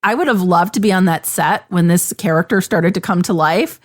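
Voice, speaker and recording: A woman's voice: on the low side, a little fast. A woman podcast host gushing enthusiastically in casual chat. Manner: gushing, enthusiastic, mimics lines.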